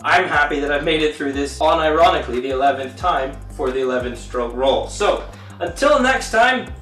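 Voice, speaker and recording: A man explains drum rudiments in a loose, chatty way and counts the patterns out loud. He sits a little back from the mic, and the room around him rings. Faint music plays behind him. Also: on the high side, expressive, moderate pace, echoey room, far from the mic. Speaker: drum teacher. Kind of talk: casual video lesson.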